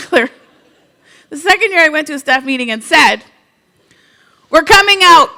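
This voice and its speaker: A high-pitched woman from Canada delivers a conference keynote. She tells funny, animated stories and acts out quoted asides. Her voice is bright and forward. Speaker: keynote speaker.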